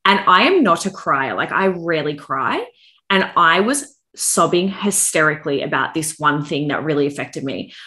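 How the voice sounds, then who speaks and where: A young woman guest on a podcast, a business coach telling stories in a playful, animated way. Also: sits low, normal speed. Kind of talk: casual podcast chat.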